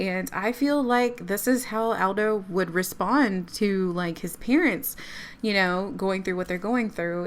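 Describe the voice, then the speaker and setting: A woman talks through her life-simulation game in a relaxed, chatty way. She tells the story as she plays and slips into her characters' thoughts along the way. Her pitch sits in an ordinary middle range. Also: a little hiss or hum. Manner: chatty, narrates sims' thoughts in quoted lines. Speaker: let's play creator.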